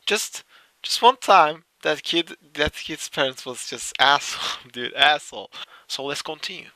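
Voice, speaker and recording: A young man talks slowly over funny clips, dropping swear words and claiming he never laughs. His voice is bright and bouncy, recorded close and dry. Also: a little high, expressive, no echo. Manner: swears a lot, insists he is not laughing, breaks into giggles. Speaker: streamer reacting to clips. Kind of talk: casual reaction commentary.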